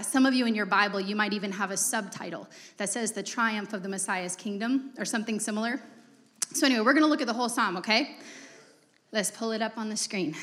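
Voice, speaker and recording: A woman's voice: on the high side, fairly bright tone. Casual young woman preaching in a hall. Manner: casual, conversational preaching with fillers and asides. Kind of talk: sermon.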